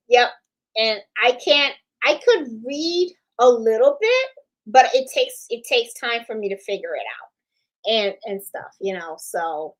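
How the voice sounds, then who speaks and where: A middle-aged woman chats loosely with her viewers as a crafts channel host. Her voice sits a touch high, and she strings her thoughts together with plenty of "you know" and "okay?" in a relaxed, rambling way. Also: rough recording. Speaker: host of a sewing and embroidery channel. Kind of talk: casual live-stream chat.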